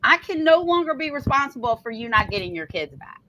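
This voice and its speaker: High, lively, irritated woman. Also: brisk, muffled recording, slight background noise. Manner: irritated, emphatic, keeps asking "right?". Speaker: podcast co-host. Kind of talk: casual podcast talk.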